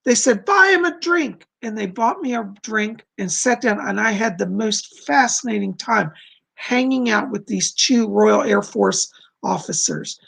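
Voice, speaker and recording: An effusive American man chatting on his live stream. His voice sits high for a man, with a gravelly, husky edge. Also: a little slow. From United States. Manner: effusive, gushing. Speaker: psychic host. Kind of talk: casual live stream chat.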